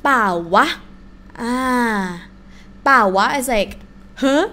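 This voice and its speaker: A woman with a Thai accent, a native Thai speaker teaching a live online language lesson in an animated way. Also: sits high, fast talker. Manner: animated, switches between English and Thai examples.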